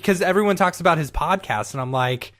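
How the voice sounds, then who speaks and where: A man's voice: fairly high pitch, fairly quick. A man co-hosting a podcast, chatting casually and with energy, saying "dude". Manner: casual and animated, says "dude". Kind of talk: casual chat.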